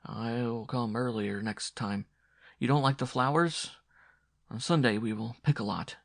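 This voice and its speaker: A man's voice: mid-range voice, measured pace, creaky, no room sound, clean studio sound. A man voicing a feverish, lovesick dying young man who pleads breathlessly and fades into whispers in an audio drama. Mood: tender pleading. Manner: breathless, imploring, fading to a whisper.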